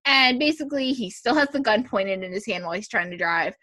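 Bright, chatty woman recapping TV. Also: medium pitch, brisk, dry recording, clean studio sound. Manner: chatty, animated retelling with filler words. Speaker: podcast co-host. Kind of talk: casual TV recap chat.

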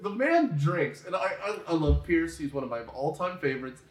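A man co-hosting a loose movie chat, animated and quick with his asides. His voice sits a little high and lands a touch distant from the mic. The room around him sounds echoey. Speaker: podcast co-host. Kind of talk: casual chat about a movie.

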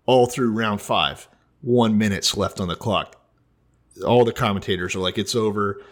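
A man's voice: fairly low pitch, normal speed. A man co-hosting a casual comedy podcast, telling a story in a laid-back way. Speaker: podcast co-host.

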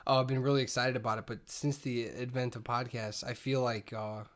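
A man in his thirties co-hosting a podcast, relaxed and chuckling, his voice often dropping off quietly at the ends of thoughts. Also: medium pitch, normal speed. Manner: laid-back, trails off quietly, laughs often. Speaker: podcast co-host. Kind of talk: casual chat.

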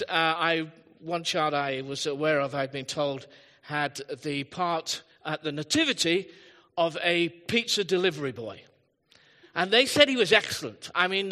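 A man's voice: a little high, sharp tone. A man preaching a live sermon as pastor, telling chatty stories with humorous asides in a church hall. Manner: chatty storytelling with asides and self-deprecating humor. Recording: long hall reverb.

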